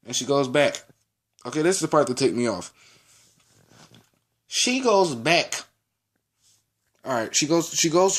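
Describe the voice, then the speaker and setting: A teenage guy vlogging about his day at school, his voice sitting a bit higher than most men's. He rambles and restarts often and acts out the lines of the people in his story. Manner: animated, rambling, with many restarts and acted-out quotes. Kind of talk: casual storytelling vlog.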